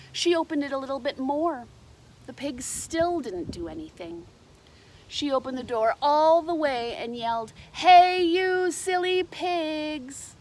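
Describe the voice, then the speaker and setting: A woman reading a children's picture book aloud with lively, animated delivery. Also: fairly high pitch, a little hiss or hum. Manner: animated, shouts character lines, explains to children. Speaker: storybook reader. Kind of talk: children's storybook read-aloud.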